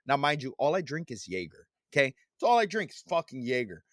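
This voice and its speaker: Podcast host, man, 40s, profane animated storyteller, dry close mic. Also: mid-range voice, brisk, no echo. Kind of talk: casual chat.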